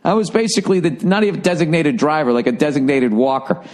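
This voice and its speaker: A man's voice: a little high, fast talker. A man, hosting a podcast and telling a rambling, profane story in a casual monologue. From Boston area. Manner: profane, rambling, animated when quoting people. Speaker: podcast host.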